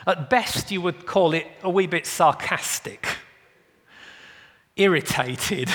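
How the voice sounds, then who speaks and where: A man preaching in a measured, emphatic way, his voice sitting a little high. He speaks very slowly, and a long hall reverb trails each phrase. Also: lively intonation, fairly bright tone. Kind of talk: sermon.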